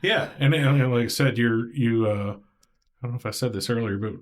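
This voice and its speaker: At a moderate pace and medium pitch, a Southern-accented podcast host rambles through a casual interview chat. He's animated and acts out what people said in their voices.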